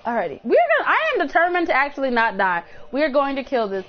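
Fast and sing-song with few pauses, a young woman's high-pitched voice runs through live gameplay commentary while she chats with viewers, swearing and shrieking whenever she's in danger. The recording comes from a dull lo-fi mic with audible noise.

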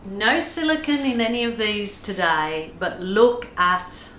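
This is an acrylic pouring artist with an Australian accent, coaching through a laid-back painting tutorial in an expressive, medium-pitched, slightly bright voice at a slightly slow pace. She's soothing and self-deprecating. There's a little hiss or hum and an echoey room with faint ambience.

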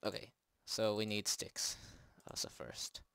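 A man's voice: fairly low pitch, flat delivery, unhurried, gravelly, a bit bright, clean tone, dry recording. A man hosting a let's play, chatting and joking at himself with jumpy exclamations. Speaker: gaming channel host. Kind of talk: let's play game commentary.

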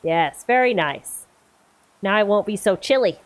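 A woman's voice: medium pitch, lively intonation, unhurried, soft background music. A woman streamer giving casual, chatty let's-play commentary, talking to herself as she plays. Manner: chatty, talks to herself while playing. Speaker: gaming streamer.

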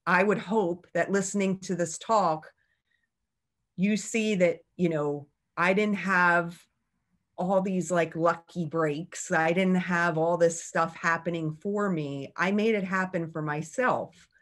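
A woman's voice: lowish voice, steady tone, slow. A middle-aged woman giving a candid, chatty talk about her own journey, laughing often. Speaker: speaker. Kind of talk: personal story talk.

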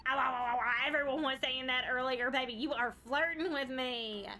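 A woman's voice: sits high, normal speed, bright, forceful tone. A woman playing a brassy Southern trucker gal. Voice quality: drawling, calls everyone babies, cackles. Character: brash Southern woman trucker, flirty and crude. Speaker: streamer playing a trucking game in character. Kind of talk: in-character game commentary.

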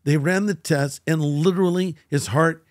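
An older man, a guest pastor in an interview, tells a personal story and acts out the voices of the people in it. His voice is on the high side at normal speed, recorded in studio quality with no echo. He's an animated storyteller.

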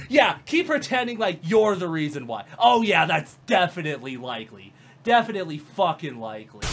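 A woman riffing sarcastically over a clip she mocks, swearing freely and laughing often. Her voice leaps widely in pitch, with faint background noise. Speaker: commentary vlogger. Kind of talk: mocking reaction commentary.

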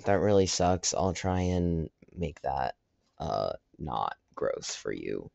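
A man's voice: a bass voice, lively intonation, measured pace, creaky, darkish tone, no echo. A man giving casual, self-deprecating commentary over his own online match, with joking asides. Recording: dull lo-fi dry sound.

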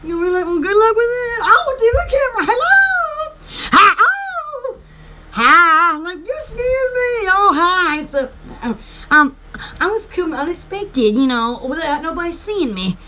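Giggly woman, very high bright voice. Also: big pitch swings, a little slow. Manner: giggly, goofy, rambling, with frequent laughter. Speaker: vlogger. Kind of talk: rambling live-stream chat.

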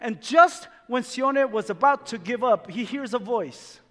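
A male pastor preaches in a high, bright voice, pressing his points with repetition and quick restarts. His words ring through a reverberant sanctuary. Soft music plays faintly behind him. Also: lively intonation. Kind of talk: sermon.

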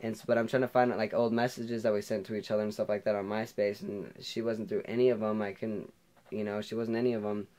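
Man, young adult, somewhat low voice, casual storytelling, rambling, filler-heavy, laughs a lot. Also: flat delivery, fast talker, a little mellow. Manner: rambling, heavy on "like" and "you know", laughs often. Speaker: vlogger.

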